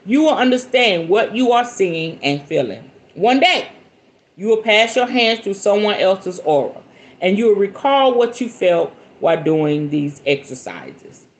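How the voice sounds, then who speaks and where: Reading a book aloud for her podcast, a woman speaks in an unhurried, medium-pitched voice. She pauses the reading often for playful, animated asides.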